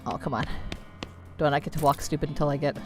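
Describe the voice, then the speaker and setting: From her home streaming setup, a woman plays a video game and reads its text aloud, adding playful, wry asides in casual commentary. Her low voice is fast with fairly even intonation, and game music plays behind her.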